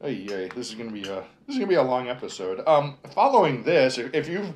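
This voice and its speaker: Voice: mid-range voice, sing-song, a little mellow, a little hiss or hum. A podcast co-host chatting casually, stumbling over words with many fillers. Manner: halting, many fillers and restarts, laughs easily. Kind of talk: casual chat.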